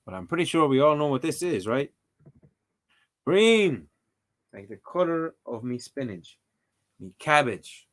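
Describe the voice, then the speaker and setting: A man's voice: mid-range voice, very animated, unhurried, long pauses, a bit bright, dry recording. A young Irish man hosting a casual livestream, teasing his friends and repeating words in playful sing-song runs. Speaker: livestream host.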